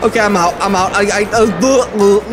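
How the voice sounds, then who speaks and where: A woman gaming YouTuber in casual gameplay banter, excitable and dramatic, shrieking and laughing. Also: mid-range voice, a little fast, a crowd in the background. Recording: game music behind.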